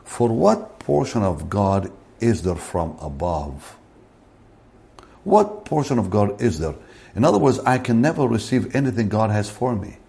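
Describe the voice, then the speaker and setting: A man preaching a sermon slowly and deliberately, rising in pitch to stress key words. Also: vocal fry, dark tone.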